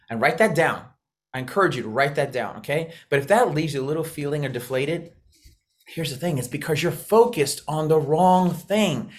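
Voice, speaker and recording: A man giving a high-energy motivational training talk on a video call, fast and intense, eager for the audience to respond. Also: a bit bright. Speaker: coach mentor on a video call.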